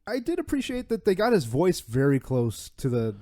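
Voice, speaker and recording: A man's voice: on the high side, wildly swooping pitch, moderate pace, darkish tone. A man co-hosting a casual podcast, making jokey, playful asides about a movie and the beer. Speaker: podcast co-host.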